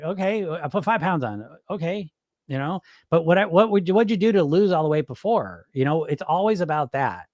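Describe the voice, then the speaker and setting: A middle-aged man with a high, animated voice hosts a weight-loss podcast, speaking a little fast in clean studio sound with no room echo. In casual live-stream coaching talk, he's blunt, swears freely, and mimics panicked dieters.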